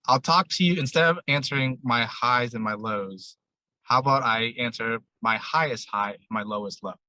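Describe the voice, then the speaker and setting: A man with a bright, crisp voice tells a story from his shop as a podcast guest. He rambles and acts out old conversations, and the sound is dry and close. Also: medium pitch, moderate pace, dry recording, rough recording. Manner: rambling, retells dialogue with many "I'm like". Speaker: ramen shop owner, guest. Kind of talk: casual storytelling interview.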